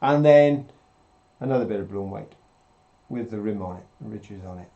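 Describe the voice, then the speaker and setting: A man's voice: on the low side, moderate pace, dark tone. A man, co-hosting a live stream in a chatty, jokey, enthusiastic way. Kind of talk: casual live-stream chat. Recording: slightly dull lo-fi sound.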